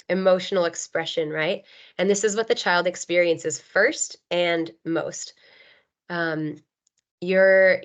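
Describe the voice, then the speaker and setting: A woman in her thirties, an occupational therapist, giving an earnest webinar talk with many ums and you knows. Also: lowish voice. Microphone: video call. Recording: dull lo-fi video call audio.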